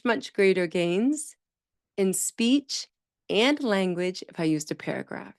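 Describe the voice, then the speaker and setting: A woman hosting a podcast about speech therapy, telling stories with lively emphasis and acting out the voices of people she quotes. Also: mid-range voice, no room sound, clean studio sound. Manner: animated storytelling, acts out quoted voices, emphatic repetition. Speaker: speech-language pathologist podcast host. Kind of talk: solo podcast talk.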